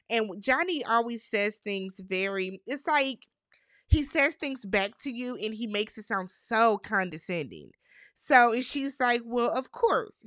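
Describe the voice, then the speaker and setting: A woman's voice: on the high side, a bit bright, no echo, studio quality. A woman hosting a reality TV recap, talking in a chatty, opinionated way with slangy asides. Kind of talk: casual recap commentary.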